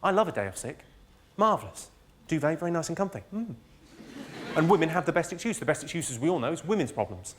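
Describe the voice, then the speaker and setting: A British man performing live stand-up, delivering one-liners in a dry, deadpan way on a comedy stage. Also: on the high side, fast talker, slight background noise. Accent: British English.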